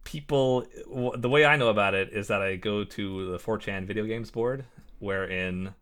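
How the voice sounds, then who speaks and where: Man, low voice, young adult, casual podcast chat, dry, hesitant delivery. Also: normal speed, fairly bright tone. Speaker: podcast co-host.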